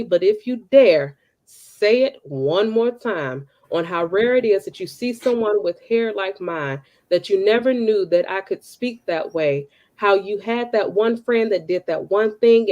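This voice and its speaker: A woman from Chicago performs her spoken word poetry in an interview. Her delivery is rhythmic and emphatic, her voice sitting at an ordinary middle pitch. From Southside of Chicago. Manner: relaxed, casual talk with fillers when chatting. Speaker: poet.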